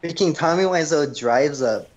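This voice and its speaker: A man's voice: on the high side, moderate pace, highs cut off. A young man chatting casually at home, telling a long rambling story and saying "freaking" a lot. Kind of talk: casual chat.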